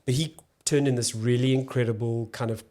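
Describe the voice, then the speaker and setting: South african guy on a podcast, thinks out loud, keeps restarting his sentences. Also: medium pitch, fairly even intonation. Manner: thoughtful, halting, with frequent restarts. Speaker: guest, actor and comedian. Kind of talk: casual podcast conversation.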